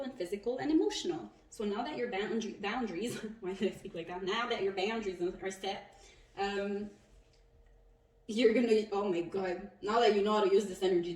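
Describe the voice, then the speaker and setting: A woman giving a casual tarot reading, chatty and animated, who laughs and swears often. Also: medium pitch, reverberant, recorded from a distance. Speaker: tarot reader.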